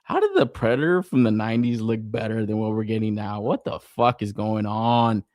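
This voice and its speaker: A man's voice: on the low side, normal speed, dry recording. Dude in his 30s ranting and laughing, cussing a ton, voice jumps all over, dry mic. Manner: animated, swears constantly, laughs often. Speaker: podcast host. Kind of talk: casual profane toy-collector chat.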